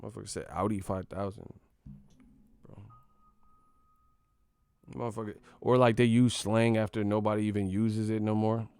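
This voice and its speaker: A man's voice: lowish voice, normal speed, gravelly, pauses often, a little mellow, no room sound. A man hosting a boxing channel, ranting casually with profane, mocking, slang-heavy talk. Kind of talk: casual rant to camera.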